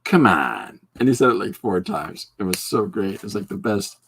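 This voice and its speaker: Man, podcast host, low gravelly voice, husky, rambling jokey chat. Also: fairly quick. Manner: rambling, joking, reacting to chat. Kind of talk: casual livestream chat while drawing.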